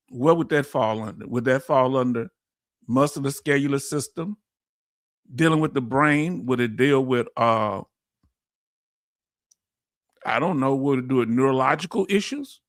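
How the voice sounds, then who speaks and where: A man from Houston with a Houston, Texas accent, hosting a casual live-stream explainer in an energetic, folksy way and calling his audience family. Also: medium pitch, no echo, studio quality. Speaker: host.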